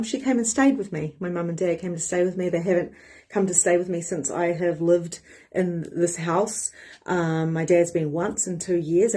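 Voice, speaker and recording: A woman with a New Zealand accent, a spiritual mentor and coach, reflecting in an animated, casual monologue and swearing freely. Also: lowish voice.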